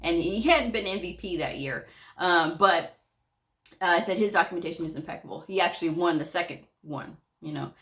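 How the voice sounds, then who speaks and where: A middle-aged woman with a fairly low voice tells work stories in a relaxed storytime vlog. She is chatty, laughs easily, and acts out bits of dialogue as she goes. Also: fairly quick. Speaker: medical coder.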